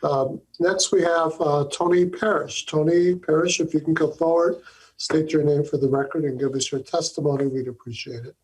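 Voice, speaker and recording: A man chairs a legislative hearing, calling up witnesses politely and pausing often on fillers. His voice sits a little high and has a husky edge. His manner is courteous and unhurried. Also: steady tone, a little mellow, low-quality recording. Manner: courteous, hesitant, many fillers. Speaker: committee chair.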